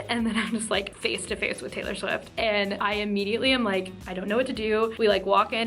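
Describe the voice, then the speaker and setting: Excited young woman vlogger, fast and chatty. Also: mid-range voice. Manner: excited, fast, full of "like" fillers. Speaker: YouTube vlogger. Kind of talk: casual storytelling to camera.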